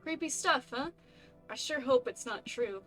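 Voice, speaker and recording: A woman's voice: sits high, expressive, unhurried, faint music behind. A woman voicing a friendly, folksy male neighbor with a put-on, vaguely Boston-like accent, talking in a chummy, neighborly way. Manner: chummy, neighborly, a bit loud. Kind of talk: game voice acting.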